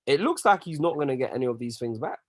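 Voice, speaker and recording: A man's voice: mid-range voice, expressive, quick pace, no room sound. A man talks through his view in a casual podcast chat. His voice sits in the middle range and sounds close and dry, with no room around it. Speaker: podcast co-host.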